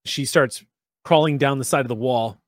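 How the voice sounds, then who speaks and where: A man narrating as game master of a tabletop game, relaxed and chatty with frequent fillers. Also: medium pitch, moderate pace, no echo, studio quality.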